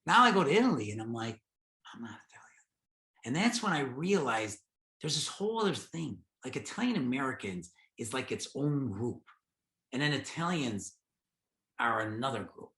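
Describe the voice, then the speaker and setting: A man's voice: medium pitch, normal speed. A middle-aged man tells stories from his life in an oral history interview, acting out the dialogue. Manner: animated, acts out his own dialogue. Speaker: interviewee, podcast host. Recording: roomy echo.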